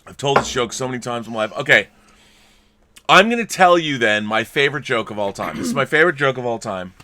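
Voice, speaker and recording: Animated, jokey man hosting a movie chat. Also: mid-range voice, fast, background noise. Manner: animated, jokey, stammering restarts. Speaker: movie podcast host. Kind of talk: casual chat over wine.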